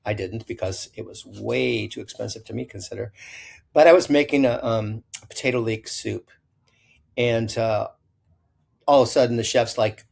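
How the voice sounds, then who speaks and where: An older man, a chef from Illinois, talks at a middle pitch as an interview guest. He tells long, rambling anecdotes, often stopping to correct himself. He acts out quoted lines in livelier voices. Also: fairly even intonation, moderate pace, creaky, a little mellow. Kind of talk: storytelling interview.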